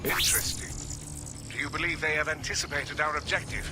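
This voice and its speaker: An actor playing a precise, pedantic robot scientist who speaks in formal, careful language. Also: male voice, fairly high pitch, steady tone, fairly quick, over music, close to an everyday voice. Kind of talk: video game voice acting.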